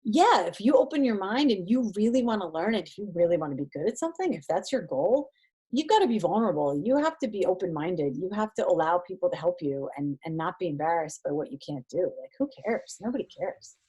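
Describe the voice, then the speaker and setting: Woman guest in her thirties, lively, husky tone, acts out quotes with her voice jumping up. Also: fast. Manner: animated, acts out quoted exchanges in a higher voice. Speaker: podcast guest, triathlete and mindset coach. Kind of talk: casual interview talk.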